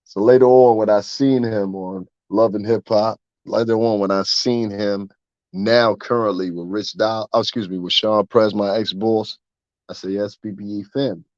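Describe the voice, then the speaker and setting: A man ranting straight at his listeners, cursing freely and rambling from one point to the next, his voice climbing when he gets heated. His voice sits at a middle pitch. The recording sounds dry and a little dull and lo-fi. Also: moderate pace, dry recording. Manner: profane, animated, rambling. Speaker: vlogger. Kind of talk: ranting commentary.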